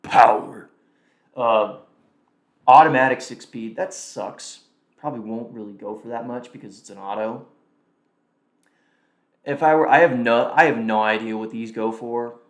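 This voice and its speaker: A man's voice: mid-range voice, moderate pace, pauses often. Chatty man thinking aloud, roomy echo. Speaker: livestream host. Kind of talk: casual live commentary.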